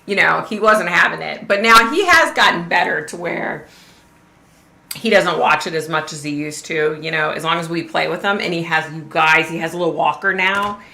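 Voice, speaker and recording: A middle-aged woman talks casually to her livestream viewers, chatty and loose with swear words. Her voice is gravelly, bright and a little low, and it carries an echo from the room. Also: normal speed. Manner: chatty, swears freely, drawls "y'all". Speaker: host of a livestream.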